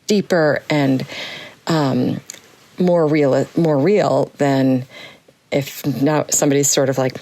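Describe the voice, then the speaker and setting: A woman's voice: low voice, a little mellow, no room sound. A woman writer telling a personal story about signs from the spirit world, reflective and acting out what others said. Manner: reflective, acts out quoted voices.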